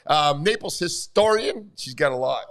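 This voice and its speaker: A man's voice: a little high, animated, moderate pace, fairly bright tone. A male talk show host in casual chat, playful and joking in his banter.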